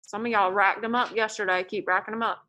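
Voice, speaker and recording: A woman teaching a math class in a classroom, lively and joking as she tells stories to her students. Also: mid-range voice, a little fast.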